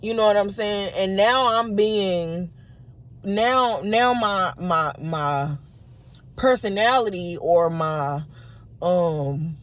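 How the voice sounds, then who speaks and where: A woman in her late twenties vents to camera in a raw, unedited vlog. She retells an argument in a frustrated, rambling way, full of fillers and false starts. Her voice sits at a middling pitch. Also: slow. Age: late 20s. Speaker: vlogger. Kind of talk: unedited casual monologue to camera.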